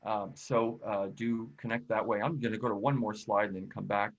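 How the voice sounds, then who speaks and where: A man presenting a webinar in a casual, friendly way, often pausing with fillers. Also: lowish voice, steady tone. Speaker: productivity expert and presenter. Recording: slightly dull, lo-fi audio.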